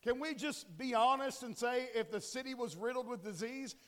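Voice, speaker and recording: A man in his forties with a very high voice speaks at normal speed, giving a casual sermon laced with jokes and repeated questions for the congregation. He's a pastor recorded in a church sanctuary with long hall reverb.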